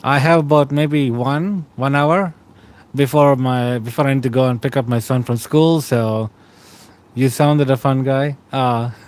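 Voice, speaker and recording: Man, thirties, from Australia, tired, lying in bed, relaxed rambling stream chat, mid pitch. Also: a little slow. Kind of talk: casual chat with viewers.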